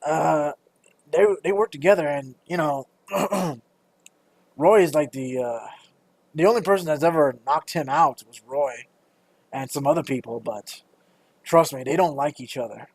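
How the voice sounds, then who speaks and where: A young man running a tabletop game, talking in a loose, rambling way with plenty of stops and restarts. His voice sits a little high, and the sound is close and dry. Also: unhurried, dry recording. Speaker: game master.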